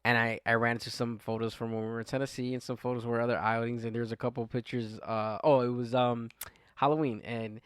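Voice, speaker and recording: A man's voice: medium pitch, level tone, fast, a bit bright, clean tone, no echo. Male podcast co-host, casual, profane storyteller, dry booth sound. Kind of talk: casual chat.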